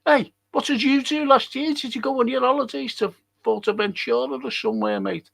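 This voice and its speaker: Ranting man, high gravelly voice. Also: lively intonation, a little fast, few pauses, bright, forceful tone. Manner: heated, heavy swearing, combative. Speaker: fan show host reading live chat. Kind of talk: angry live-stream rant.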